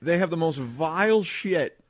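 A man's voice: on the high side, lively intonation, a little slow, no echo. Profane, rambling male podcast host. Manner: rambling storyteller, profane and laughing. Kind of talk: crude casual podcast chat.

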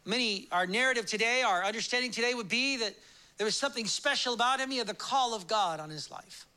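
Pastor in his thirties, male, very high and forceful, animated storyteller. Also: quick pace, smooth, low-quality recording. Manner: animated, acts out quoted voices in his stories. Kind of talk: sermon with storytelling.

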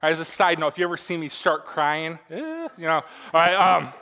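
A man's voice: fairly high pitch, little pitch movement, quick pace, sharp tone. A young man preaching a sermon in an earnest, conversational way, checking in with the congregation with asides. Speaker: pastor. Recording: reverberant hall.

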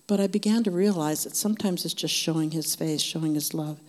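A woman's voice: low voice, brisk, a little mellow. An older woman sharing a personal faith testimony in a church group, telling her story in an earnest, conversational way. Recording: long hall reverb.

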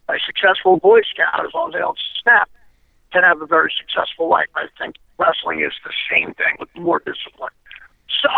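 A man with a high, rough, gravelly voice talks bluntly through an interview, swearing freely and checking in with "you know" and "okay?". The sound is thin and phone-like, with no room around it. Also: dry recording. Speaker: interview guest. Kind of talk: candid storytelling interview. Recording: tinny phone line, dry.

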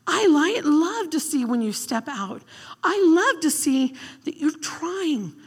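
A woman voicing a tender, loving male savior who speaks gently to his followers, in a sermon. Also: high-pitched, very animated, slow pace, in a large hall, pitched above the performer's own voice, full character voice.

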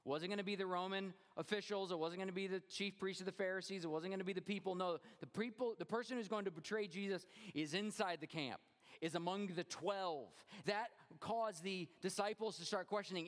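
Expressive man preaching in a reverberant church. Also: a little fast. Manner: expressive, drops low and quiet for emphasis. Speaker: pastor. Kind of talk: sermon.

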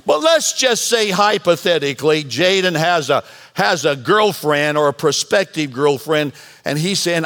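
Pastor, male, high bright voice, lively joking sermon delivery. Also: unhurried. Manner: animated, bantering preacher. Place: church sanctuary.

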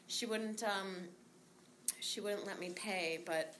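Woman rambling through her recovery story, swears a lot, laughs, bright voice, little bit of hiss behind. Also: mid-range voice, slow pace. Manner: candid, swears freely, laughs often; rambling with many fillers. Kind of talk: casual spoken recovery story.

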